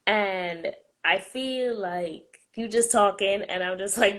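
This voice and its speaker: A woman's voice: mid-range voice, takes it slowly, a bit bright. Woman guest, easygoing and chatty, talks faith with her friend. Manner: chatty, calls her host "girl". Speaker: podcast guest. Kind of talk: casual faith chat.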